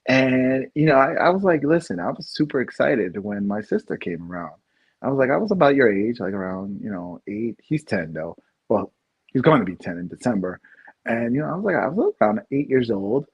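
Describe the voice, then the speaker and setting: The audio is dull, and the man's medium-pitched voice is brisk with a breathy edge. He's a podcast co-host in his thirties, chatting casually and telling stories animatedly with plenty of laughter.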